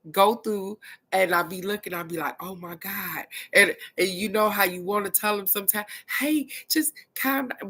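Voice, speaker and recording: A middle-aged woman, giving a casual, blunt spiritual card reading and cussing freely. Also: mid-range voice. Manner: blunt and animated, cusses freely.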